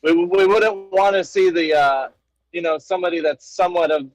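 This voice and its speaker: A man's voice: high voice, fairly even intonation, normal speed, low-quality recording. Joking, rambling man on a group call. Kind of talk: casual group chat.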